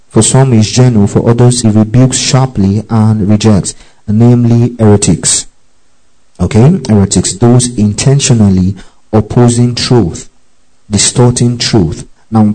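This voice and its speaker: Dark-voiced male preacher teaching scripture. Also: lowish voice, low-quality recording. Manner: checks in with listeners often; spells out and repeats key phrases. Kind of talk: Bible teaching.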